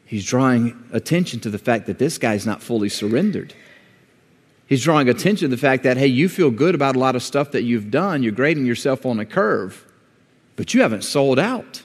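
Male pastor preaching in a reverberant hall. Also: fairly quick. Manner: builds from calm teaching to high-pitched shouting emphasis. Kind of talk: sermon. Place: church sanctuary. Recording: long reverb of a large hall.

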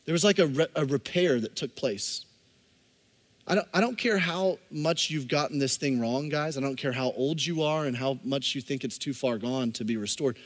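A man's voice: mid-range voice, normal speed, big-room sound. A man, a pastor, preaching a sermon with impassioned emphasis and speaking directly to his congregation.

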